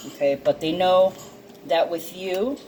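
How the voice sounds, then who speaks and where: A woman with a lowish voice reads oracle cards in a casual chat to her viewers, getting teary and sniffling as she goes. She laughs easily and swears freely, and a faint hum of room noise sits under her voice. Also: measured pace, warm tone, low-quality recording. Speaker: intuitive card reader. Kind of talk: casual tarot card reading.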